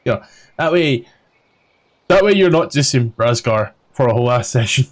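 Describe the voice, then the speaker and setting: A man's voice: medium pitch, animated, moderate pace. A man with a Scottish accent recapping a tabletop game as dungeon master, rambling with lots of ums and casual swearing.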